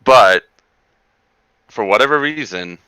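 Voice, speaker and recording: A man from Colorado telling a story in a casual chat with friends, animated and restarting his sentences. His voice sits low but bright and crisp, very dry on the mic. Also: slow, dry recording. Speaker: podcast guest.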